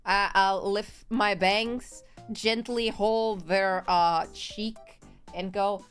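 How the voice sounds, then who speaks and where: A woman's voice: medium pitch, steady tone, very slow, a bit bright, soft background music. A woman streamer chatting casually on a live stream, rambling in a giggly, playful way. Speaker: VTuber streamer.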